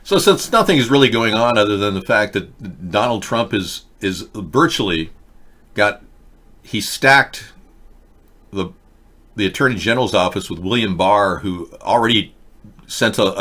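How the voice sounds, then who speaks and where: Low-voiced man doing rambling live commentary. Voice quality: monotone. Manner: rambling, wry asides to chat viewers. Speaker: host.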